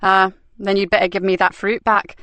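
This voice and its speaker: A woman voicing a tough, blunt female detective inspector, speaking brisk, loud and wry. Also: medium pitch, level tone, no echo, lightly acted.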